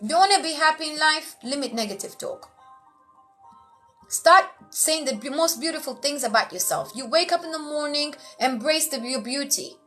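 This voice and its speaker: A woman emcee giving motivational life tips in casual talk, frank and animated, sometimes acting out quoted voices. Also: sits high, normal speed, soft background music. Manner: frank, blunt, lightly profane.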